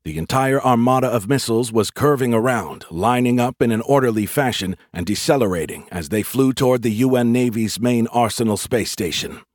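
A man reading a science fiction audiobook as its narrator, in a measured, slightly wry manner. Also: medium pitch, dry recording, studio quality. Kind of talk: scripted narration.

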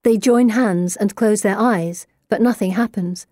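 An audiobook narrator, a woman with a dark, medium-pitched voice, reads slowly through scripted first-person narration. The recording is dry, with clean studio sound.

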